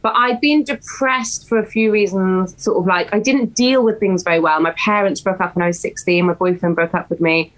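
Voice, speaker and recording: A woman, a podcast guest talking in a lively, emotional, animated way. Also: medium pitch, a little fast, hardly any pauses, poor audio. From West Wales. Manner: animated, emotional, acts out voices in stories. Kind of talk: casual podcast chat.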